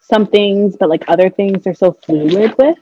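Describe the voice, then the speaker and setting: A woman's voice: mid-range voice, measured pace, husky, highs cut off. A woman talking casually and reflectively, with a wry edge, as a podcast co-host. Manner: reflective, wry, mocks others with put-on airy voices. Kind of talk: casual conversation.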